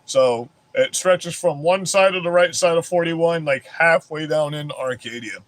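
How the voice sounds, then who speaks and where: A man's voice: on the high side, measured pace. A man ranting on his vlog in a heated, rambling way, swearing constantly. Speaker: vlogger. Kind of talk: profane political rant.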